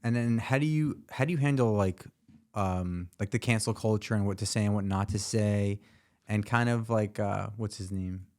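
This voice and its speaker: Man, host, lowish voice, hesitant, lots of ums and likes. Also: moderate pace, darkish tone. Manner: hesitant, full of fillers. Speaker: podcast host. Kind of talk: casual interview questions.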